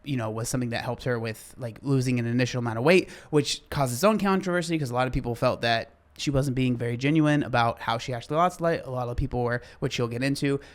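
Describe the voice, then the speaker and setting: Man, mid-pitch, earnest reaction-video host who gets heated about fitness, then reins it in. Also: fast, hardly any pauses. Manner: earnest, gets worked up and apologetic. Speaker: fitness commentator reacting to a clip. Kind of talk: casual reaction commentary.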